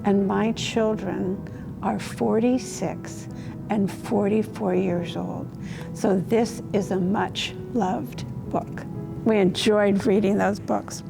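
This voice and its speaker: An older woman reading a picture book aloud to a child, gently asking the listener questions as she goes. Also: fairly high pitch, creaky. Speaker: humane education reader.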